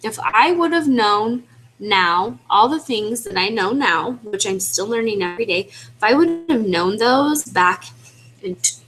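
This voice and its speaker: A team leader for independent distributors runs a motivational webinar, speaking earnestly, pleading with her team and repeating her exhortations casually with fillers. Her voice is fairly high, fairly bright and lively in intonation, at a measured pace. The recording is low quality.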